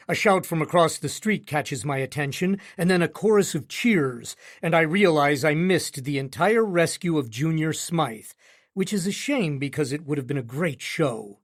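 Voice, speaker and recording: Wry male audiobook narrator. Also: fairly high pitch. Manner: wry, sardonic. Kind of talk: first-person romance audiobook narration.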